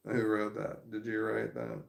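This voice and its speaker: A man with a gravelly, creaky voice chats casually on a livestream, reading out comments and wandering between thoughts. He laughs often as he talks. The sound is echoey, as if he is in a bare room. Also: lowish voice, monotone, measured pace, slight background noise. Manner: rambling, laughs often, reads comments aloud. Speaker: livestream host reading chat.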